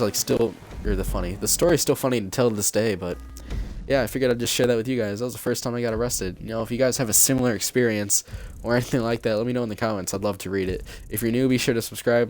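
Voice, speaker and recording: A man's voice: mid-range voice, a little mellow, slight background noise. A young man vlogger casually telling a story while gaming, rambling with lots of "like" and acting out the quotes.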